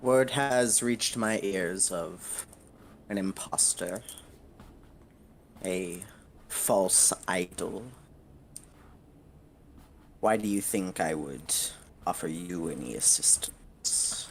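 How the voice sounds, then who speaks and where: A man's voice: low voice, extremely slow, gravelly, pauses often, a little hiss or hum, pitched below the performer's own voice, heavily acted. A man voicing a cold, scheming devil lord. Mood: disdainful.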